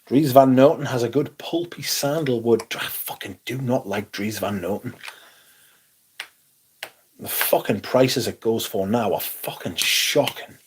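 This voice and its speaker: A man's voice: medium pitch, unhurried, slight background noise. A man from northeast England with a Northumbrian accent, chatting casually and bluntly on a livestream, swearing freely and answering chat. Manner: profane, blunt, reading chat aloud. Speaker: livestream host.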